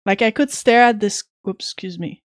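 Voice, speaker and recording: A woman's voice: mid-range voice, moderate pace, dry recording, studio quality. A woman chatting casually with viewers while streaming an old computer game, reading its text aloud now and then.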